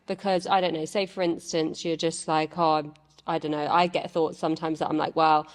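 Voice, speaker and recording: A woman's voice: low-pitched, flat delivery, brisk, big-room sound. A woman co-hosting a podcast, talking casually and reassuringly in a coaching way. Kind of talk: casual chat.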